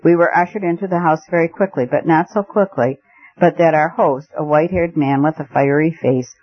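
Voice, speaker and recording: A man reading a classic novel aloud as narrator, in a steady storytelling manner. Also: fairly high pitch, normal speed. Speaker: audiobook narrator. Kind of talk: scripted narration. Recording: muffled lo-fi recording.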